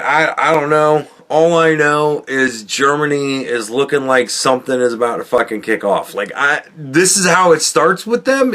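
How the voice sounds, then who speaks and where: A man with a slightly high, somewhat bright voice hosts a podcast, ranting casually. He rambles, swears in his asides, and chuckles frequently.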